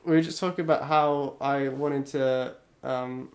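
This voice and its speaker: A young man streams live and chats with his mother, reading out viewers' messages as he goes. His pitch sits in the middle of the range. He comes across as wry and self-deprecating, in an easy, casual way. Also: fairly even intonation, unhurried, darkish tone.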